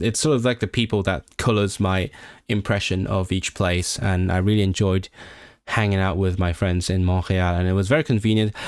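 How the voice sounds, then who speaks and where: A man in his late twenties from Hong Kong, hosting a livestream and chatting casually and excitably with viewers, often restarting his sentences. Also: medium pitch, no echo, studio quality. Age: late 20s. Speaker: livestream host. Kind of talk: casual chat with stream viewers.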